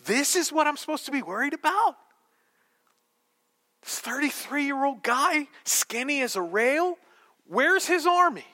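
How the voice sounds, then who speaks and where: A man's voice: extremely high pitch, very animated, brisk, few pauses, bright, forceful tone, no room sound, studio quality, pitched above the performer's own voice, exaggerated voice. A male preacher voicing a condescending Roman governor who scoffs through rhetorical questions. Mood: scornful.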